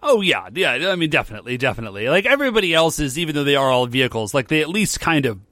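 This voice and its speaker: Man co-host, fairly high voice, lively and agreeable, dry close mic. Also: very fast, no echo. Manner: agreeable, chiming in, acts out quotes. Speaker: podcast co-host. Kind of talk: casual chat recapping a show.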